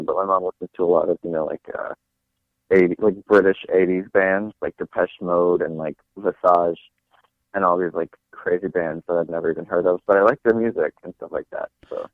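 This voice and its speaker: A man's voice: deep voice, no echo. A young man from New York, a guest actor talking casually in an interview, hesitant and full of fillers and restarts. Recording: dry tinny phone line.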